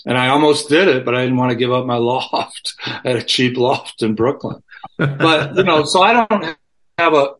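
A man's voice: medium pitch, normal speed, a bit bright. A man speaking as a guest in an interview, talking frankly and with plenty of profanity, rambling with many restarts over a remote call from his home. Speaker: guest musician. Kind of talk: candid conversational interview.

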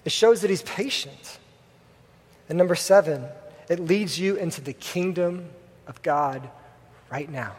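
A man's voice: fairly high pitch, a little slow, long pauses, a little mellow, breathy edge. A young man preaching a sermon in a church, telling a story casually with many fillers. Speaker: pastor. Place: church hall with congregation. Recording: long hall reverb.

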